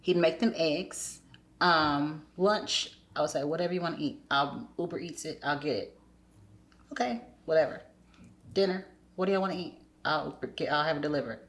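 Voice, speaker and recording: A woman's voice: low-pitched, moderate pace. A woman speaking candidly as a podcast guest, telling a personal story and acting out remembered dialogue in shifting voices.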